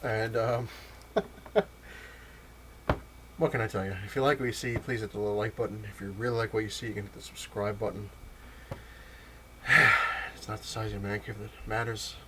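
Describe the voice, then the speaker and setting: A man tells a rambling story on his home vlog in a lowish voice. He keeps laughing at his own jokes. A faint background hum sits under the recording. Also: little pitch movement, fast talker, few pauses. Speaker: vlog host.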